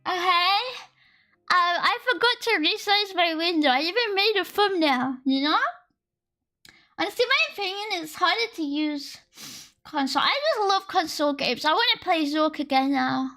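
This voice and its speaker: An Australian woman streams herself coding, chatting casually in a rambling, self-deprecating way and laughing often, with faint lofi music in the background. Her very high voice is expressive, pushed and bright, at a normal speed.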